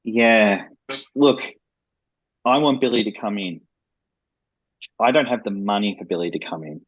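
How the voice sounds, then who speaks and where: Low-voiced man, dull lo-fi audio. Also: measured pace, no echo. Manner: candid, explaining at length. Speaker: game developer guest. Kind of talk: podcast interview.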